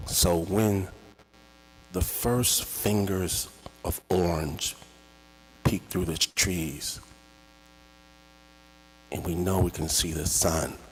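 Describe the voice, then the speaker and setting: A man telling a dramatic, emotional personal story at a slow pace at a live event. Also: deep voice, slight background noise. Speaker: storyteller and podcast host. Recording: reverberant hall.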